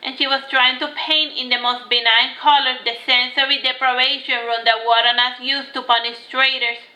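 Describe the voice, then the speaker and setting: Woman, high voice, very bright tone, novel reading, occasional restarts. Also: little pitch movement, normal speed, poor audio. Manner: occasional restarts and small slips. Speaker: audiobook reader.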